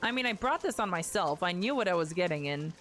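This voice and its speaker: A woman's voice: fairly low pitch, expressive, fast talker, fairly bright tone, soft background music. A woman streaming a game, chatting casually, joking and reading the game's lines aloud. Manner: playful, reads game dialogue aloud and jokes; swears casually and laughs often. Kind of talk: casual live gameplay commentary.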